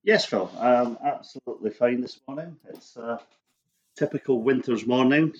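A middle-aged Scottish man who grew up in Scotland, a guest in a casual interview, telling stories in a relaxed way and laughing easily. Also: mid-range voice, moderate pace, husky, muffled recording.

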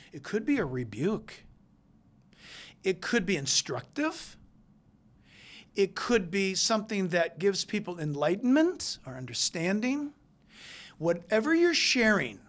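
A preacher delivering a sermon, moving between hushed, intense stretches and loud, emphatic ones. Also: mid-range voice.

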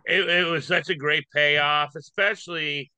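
Bright-voiced podcast co-host man. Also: fairly high pitch, fairly even intonation, a little slow, clean tone, dry recording. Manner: enthusiastic, profane agreement. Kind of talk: casual podcast chat.

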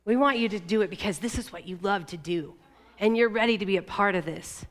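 A woman's voice: mid-range voice, brisk, in a large hall. A middle-aged woman giving a sermon in a candid, conversational way, with fillers and self-corrections. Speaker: church leader.

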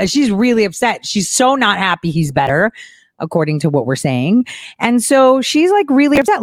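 A woman's voice: on the high side, very animated, moderate pace, dry recording, studio quality. A woman hosting a commentary show, reacting to news clips with sarcasm and mocking impressions.

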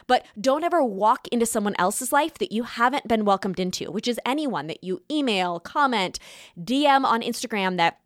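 A woman hosting a podcast, giving an earnest, animated monologue in a casual, conversational way. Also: mid-range voice, dry recording, studio quality. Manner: animated, earnest, talks with her hands. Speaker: podcast host.

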